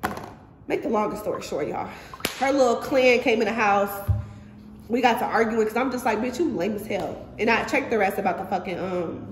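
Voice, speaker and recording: A woman's voice: medium pitch, brisk, soft background music. A woman telling a story in casual chat, profane and laughing often, talking to viewers as y'all. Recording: echoey room with long reverb and faint hiss.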